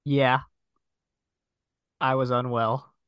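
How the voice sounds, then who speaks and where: Give me a man with a crisp, bright, smooth voice, chatting about a film on a casual podcast, enthusiastic and jokey, tripping over his words and restarting sentences. The recording is close and dry. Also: medium pitch, little pitch movement, very slow, dry recording. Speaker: podcast co-host. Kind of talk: casual conversational film review.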